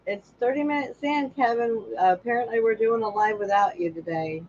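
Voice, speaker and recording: A woman co-hosts a relaxed livestream, chatting with her husband and reading out viewer comments. She sounds tired and keeps yawning. The audio is dull and lo-fi with a faint hum behind it. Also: a little high, a little fast. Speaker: co-host of a livestream. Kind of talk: casual chat.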